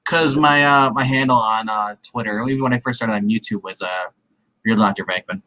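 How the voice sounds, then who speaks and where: A man's voice: lowish voice, a little fast, bright, forceful tone, no room sound, rough recording. A man chatting casually with friends on a stream, wry and sarcastic at times. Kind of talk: casual chat.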